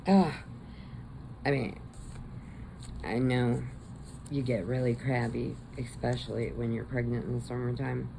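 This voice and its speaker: Middle-aged woman, deep gravelly voice, slow easygoing vlog chatter. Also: a little hiss or hum, poor audio. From American Midwest. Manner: chatty storyteller, animated quotes. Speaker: crochet vlogger. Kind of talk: casual chat.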